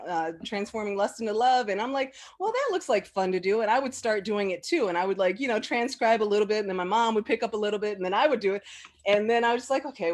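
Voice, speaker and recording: A woman casually sharing personal memories as an interview guest, chatty and full of fillers, often laughing. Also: medium pitch. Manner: animated when quoting people.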